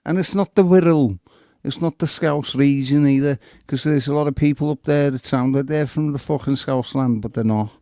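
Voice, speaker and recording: A man hosting a stream, chatting casually in sweary, excitable banter. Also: mid-range voice, moderate pace, dry recording, studio quality. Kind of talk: casual chat.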